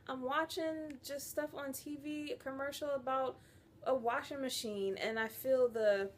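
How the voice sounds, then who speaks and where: A young woman chatting to the camera at home on her couch, animated and laughing at herself. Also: high voice, measured pace. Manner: animated, laughing, self-mocking. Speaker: vlogger. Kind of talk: casual chat to camera. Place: living room couch at home.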